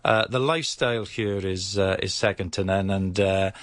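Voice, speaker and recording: A middle-aged man with a Welsh accent, an agency chief speaking in a casual radio chat, pausing often with fillers and restarts. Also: low-pitched, no room sound. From Wales. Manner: hesitant, many fillers and restarts. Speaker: investment agency CEO.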